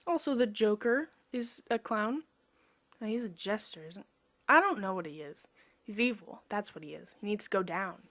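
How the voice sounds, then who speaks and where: A young woman chatting casually over her own drawing video, rambling and self-mocking, easily excited. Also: mid-range voice, moderate pace. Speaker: artist vlogger.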